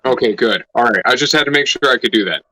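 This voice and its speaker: A man's voice: mid-range voice, fast, pushed and bright, no room sound, low-quality recording. A man playing his character in a tabletop game, joking and brash, swearing casually. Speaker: player.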